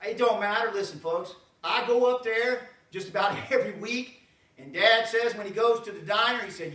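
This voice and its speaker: Folksy preacher in an echoey church. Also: male voice, high-pitched, moderate pace. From Southern United States. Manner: folksy, animated, frequent asides to the congregation. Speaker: pastor. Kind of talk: sermon. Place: church sanctuary. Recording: roomy church sound from a distance.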